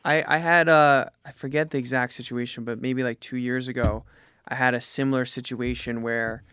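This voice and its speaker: A man's voice: mid-range voice, little pitch movement, moderate pace, a bit bright, clear, resonant tone, dry recording, clean studio sound. A man from New Jersey, a gym owner and jiu jitsu coach, talking reflectively as a podcast guest. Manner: reflective, thoughtful, with many fillers. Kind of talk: casual conversation.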